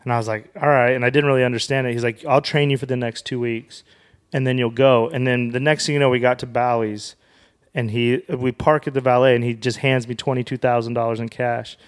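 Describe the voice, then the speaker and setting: A man's voice: medium pitch, steady tone, fairly quick, clear, resonant tone. A young adult man from Wyoming, a comedian and author, casually telling a long anecdote on a podcast and acting out the people in it with quoted dialogue. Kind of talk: casual storytelling in a podcast interview.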